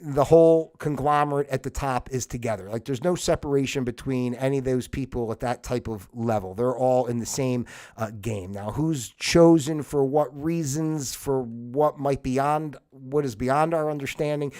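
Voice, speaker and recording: A man's voice: medium pitch, moderate pace, a little mellow. A man hosting a livestream and talking alone in a casual monologue that rambles with many restarts and grows heated as he goes. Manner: rambling, restarts often, heated when worked up. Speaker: livestream host.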